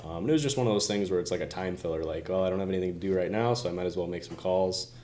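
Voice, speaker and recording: A man with a very low voice talks fast and loosely in a podcast chat, with faint room noise behind him. His talk is chatty and full of "like". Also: darkish tone. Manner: loose, chatty, says "like" a lot. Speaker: real estate agent.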